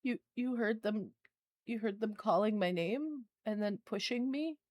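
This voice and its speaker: A woman's voice: medium pitch, a little slow, darkish tone, no echo, studio quality, lightly acted. A woman voicing a frightened small boy in a tabletop game, who stammers and repeats his words.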